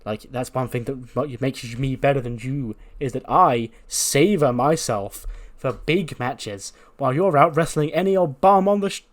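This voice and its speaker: A man's voice: medium pitch, unhurried, hardly any pauses, natural voice. A man voicing an arrogant female wrestling champion who rants scornfully at a rival. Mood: haughty. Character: haughty female wrestling champion, boastful and dismissive.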